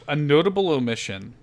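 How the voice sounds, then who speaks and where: A man hosting a casual podcast chat, animated and profane, laughing often. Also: fairly high pitch. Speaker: podcast host.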